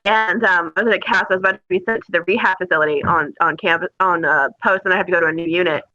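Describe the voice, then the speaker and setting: A woman guest telling animated stories with frequent laughter. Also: on the low side, very fast. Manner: animated, laughing, mimics people in her stories. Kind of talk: casual storytelling. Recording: dull lo-fi audio.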